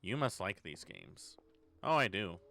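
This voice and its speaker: A man's voice: low voice, huge pitch swings, a little slow, creaky, bright, forceful tone. A man streaming a horror game, thinking aloud in a sarcastic, swearing way. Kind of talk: casual horror game let's play.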